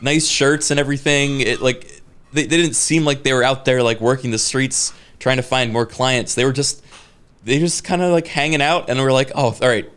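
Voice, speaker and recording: A man's voice: mid-range voice, fairly even intonation, moderate pace, fairly bright tone, clean tone. A man in his thirties co-hosting a podcast, telling a story casually with many fillers and restarts. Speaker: podcast co-host. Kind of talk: casual chat.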